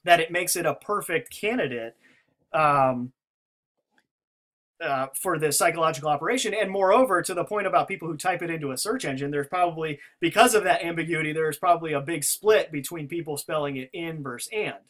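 Brisk and fairly bright in tone, this man's high-side voice carries casual video commentary as he works through a theory. His delivery rambles with frequent restarts and fillers.

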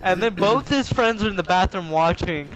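Young male gamer, slightly high voice, rambling crude storyteller on a headset, game sounds clearly behind. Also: animated, moderate pace, a bit bright, a little hiss or hum, poor audio. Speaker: gamer chatting with friends. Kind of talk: casual gaming chat.

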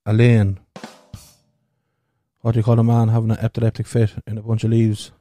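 A man's voice: fairly low pitch, monotone, brisk, mellow, faint music behind. A man with a stutter hosting a podcast, telling crude, rambling jokes and swearing freely. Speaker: podcast host.

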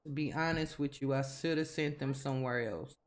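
A woman's voice: rumbling low, a little fast. A woman, casually commentating while she plays a life-simulation game and chatting at her characters. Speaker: gaming video host.

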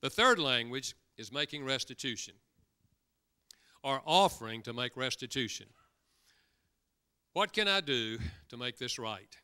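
A man's voice: medium pitch, expressive, a little slow, pauses often, pushed and bright, smooth. A man preaching a sermon in a church, telling stories and acting out quoted lines, sometimes repeating words as he goes. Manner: storytelling with acted quotes. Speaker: guest speaker.

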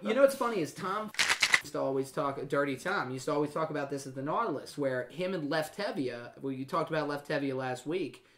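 A man's voice: a little high, lively intonation, a little fast, fairly bright tone. Joking male podcast host. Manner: joking, teasing, crude banter. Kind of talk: casual podcast chat.

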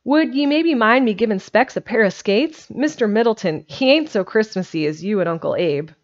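A scrappy, boastful country boy, as a woman reads him aloud, full of rough slang and ready threats. The recording is slightly muffled and lo-fi. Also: on the high side, lively intonation, moderate pace, close to an everyday voice. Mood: earnest. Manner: rough slangy boyish speech.

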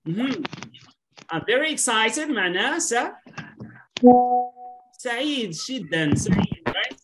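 With a fairly high, sing-song and slightly bright voice, a woman teaches English online over a video call while soft music plays in the background. Arabic is her first language; she patiently repeats words slowly and turns to Arabic for explanations.

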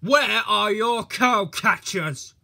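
A man voicing a grumpy, pompous country policeman who speaks loudly and slowly, spluttering. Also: sits high, expressive, slightly rough, voice pushed up, exaggerated voice. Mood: accusing. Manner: spluttering, loud and slow.

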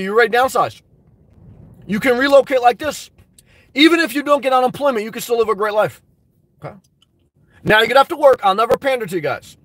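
Fired-up man with a very high voice. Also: fairly bright tone, dry recording. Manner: emphatic, fired up, preachy. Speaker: YouTube live stream host. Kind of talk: live stream chat, reading viewer comments.

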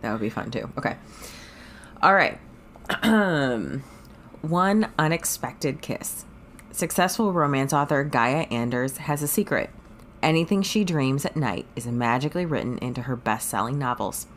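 A woman's voice: rumbling low, animated, a little slow, a little hiss or hum. A woman in her thirties with a cold, co-hosting a casual book club podcast and reading with many hesitations. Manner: hesitant, lots of ums while reading. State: has a cold. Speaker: podcast co-host. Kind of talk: casual chat.

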